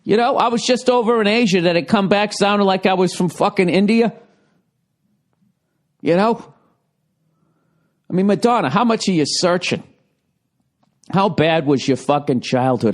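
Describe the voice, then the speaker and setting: Slightly mellow and on the high side, this podcast host's voice carries a rambling, sarcastic comedy rant full of profanity. He records at home on a handheld digital recorder.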